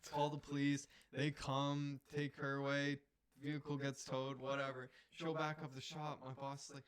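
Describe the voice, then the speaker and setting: A young man co-hosting a podcast, telling a story in casual chat, animated and swearing, often laughing as he talks. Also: medium pitch, normal speed. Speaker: podcast co-host.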